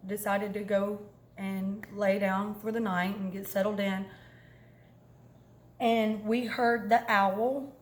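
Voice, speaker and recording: A woman from Alabama gives a halting, emotional personal testimonial at a campsite and is close to tears. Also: mid-range voice. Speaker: camp attendee giving testimony.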